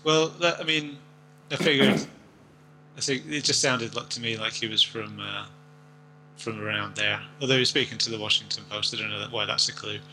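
Bright-voiced man, rambling chat. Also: fairly low pitch, steady tone, normal speed, a little hiss or hum, low-quality recording. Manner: rambling, jokey, puts on silly accents. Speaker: podcast co-host. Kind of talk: casual chat.

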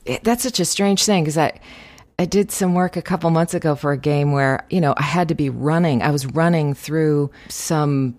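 A woman's voice: sits low, normal speed, darkish tone, no room sound. A woman voice actress chatting in an interview, talkative and laughing often, with many fillers. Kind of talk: casual interview chat.

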